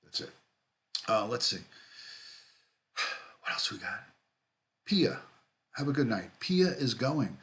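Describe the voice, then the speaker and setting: A middle-aged retired detective hosts a casual livestream, reading viewer comments aloud, greeting people by name and often repeating himself. His mid-range, fairly bright voice is very animated, yet he takes it slowly and pauses often.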